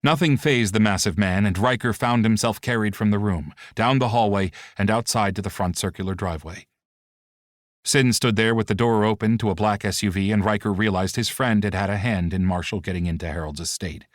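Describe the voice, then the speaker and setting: A male audiobook narrator with a low-pitched voice, reading in a steady, expressive storytelling manner. The recording is very dry and close, with no room sound. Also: brisk, no room sound.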